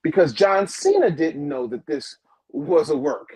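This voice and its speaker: A high, husky man tells a story with wide swings in his pitch, dropping lower whenever he quotes someone. He is a wrestling manager sitting in as a podcast guest. The room is dry and close. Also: huge pitch swings, unhurried, a little mellow, no echo, rough recording. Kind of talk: animated storytelling.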